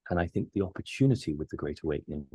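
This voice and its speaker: A man with a very low, husky voice talks earnestly about big ideas, pressing each point with emphasis. His tone is dark and mellow. The sound is dry and close. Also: animated, very fast, dry recording. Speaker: resident astrologer. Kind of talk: casual chat.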